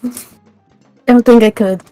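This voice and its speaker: A woman's voice: a little high, steady tone, measured pace, warm tone, dry recording, soft background music, close to an everyday voice. A woman playing a rueful, battered male adventurer.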